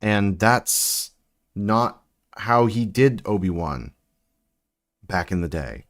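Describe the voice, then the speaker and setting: A man's voice: lowish voice, animated, slow pace. A man hosting a casual building live stream, rambling and chatting with viewers as he works. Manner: chatty, rambling, answers chat while building. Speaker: livestream host building sets.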